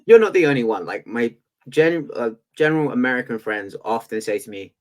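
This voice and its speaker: A man's voice: mid-range voice, animated, a little fast. An English man co-hosting a podcast, chatting casually and ranting playfully with restarts. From England. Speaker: podcast co-host. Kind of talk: casual chat.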